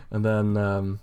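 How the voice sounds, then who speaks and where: A man's voice: fairly low pitch, darkish tone, a little hiss or hum. A young man co-hosting a podcast, chatting casually and rambling through a story with many fillers and laughs. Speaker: podcast co-host. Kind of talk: casual chat reading a fan comic aloud.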